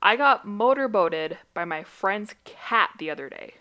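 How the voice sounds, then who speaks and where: A woman's voice: mid-range voice, a little slow, highs cut off. Chatty young woman telling stories, laughing. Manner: animated storyteller, laughs often. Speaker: podcast co-host. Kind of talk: casual chat. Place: at home. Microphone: remote call headset.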